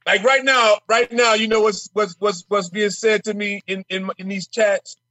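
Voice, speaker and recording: Fiery high-voiced man in interview. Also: fairly even intonation, normal speed, bright, forceful tone, dry recording. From Minnesota. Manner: emphatic, fiery, repeats words when heated. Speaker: state legislator guest. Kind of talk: passionate interview talk.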